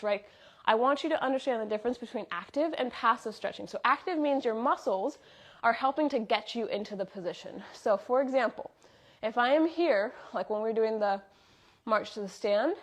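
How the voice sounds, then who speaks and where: Upbeat woman coaching a workout. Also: on the high side. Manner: upbeat, counts reps and gives body cues. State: slightly out of breath. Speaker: fitness instructor. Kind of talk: live workout class instruction.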